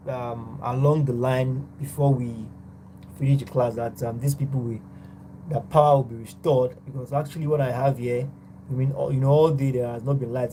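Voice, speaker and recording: Tutor teaching a psych class online, warm mellow tone, goes point by point. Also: medium pitch, slight background noise, poor audio. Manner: explains step by step, often opening with "now".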